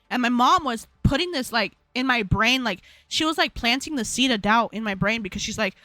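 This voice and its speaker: Bright-voiced young woman streamer. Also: fairly high pitch, brisk, no room sound, soft background music. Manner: slangy, animated, laughs often. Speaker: livestream host. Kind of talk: casual storytelling on a live stream.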